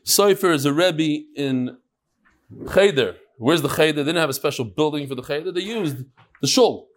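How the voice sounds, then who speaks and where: A middle-aged man teaching a daily Talmud class with lively storytelling and quick asides. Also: a little high. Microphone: on Zoom.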